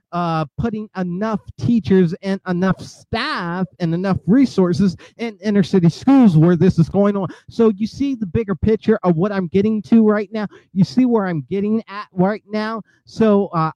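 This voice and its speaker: A man's voice: sits high, warm tone, no room sound, highs cut off. A male host giving impassioned, angry commentary, preaching at his listeners with many filler uhs and restarts. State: outraged.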